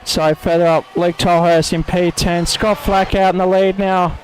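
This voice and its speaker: Calling a sim race live, this commentator has a high, fairly even voice and a moderate pace, running through the corners lap by lap while tracking gaps and penalties. He narrates corners with self-mocking attempts at an Italian accent, joking about his bad pronunciation. The audio is poor, with a faint hiss under his voice.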